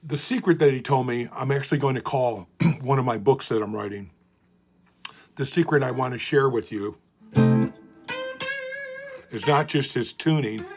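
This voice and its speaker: Older male blues guitar teacher; earnest, heartfelt storyteller who drops soft at phrase ends. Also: medium pitch, moderate pace, pauses often. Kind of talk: talking guitar lesson to camera.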